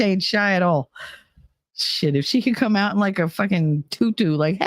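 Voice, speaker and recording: A woman's voice: mid-range voice, moderate pace, no echo, studio quality. Blunt, profane woman telling stories. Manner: blunt, profane, laughing storyteller. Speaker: podcast host. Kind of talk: casual candid monologue.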